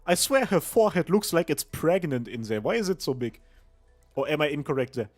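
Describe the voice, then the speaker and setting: A man's voice: a little high, big pitch swings, fairly quick, darkish tone, faint music behind. A young man streaming a video game, giving crude, joking commentary and laughing often. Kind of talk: casual game livestream commentary.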